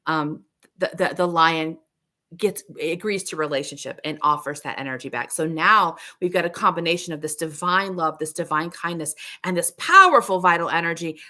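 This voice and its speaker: Earnest, low-pitched middle-aged woman teacher. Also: expressive, moderate pace, pushed and bright. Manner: earnest, searching, with frequent restarts. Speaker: livestream host, tarot teacher. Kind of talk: reflective livestream teaching.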